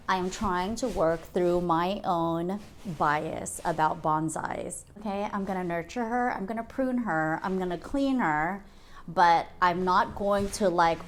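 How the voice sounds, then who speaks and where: A woman in her thirties talking casually in a home vlog, chatty and excitable, laughing often. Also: lowish voice, slight background noise. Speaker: vlogger. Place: home and garden.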